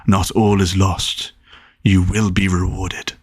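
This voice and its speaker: A man voicing a solemn, mysterious spirit with a deep, whispery voice in a storybook reading. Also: flat delivery, slow pace, husky, no echo, clean studio sound, exaggerated voice.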